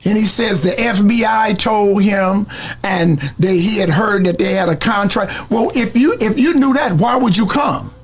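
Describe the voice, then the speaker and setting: A man's voice: high-pitched, normal speed, a little hiss or hum. A man being interviewed, telling a story blow by blow in a street manner. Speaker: interview guest.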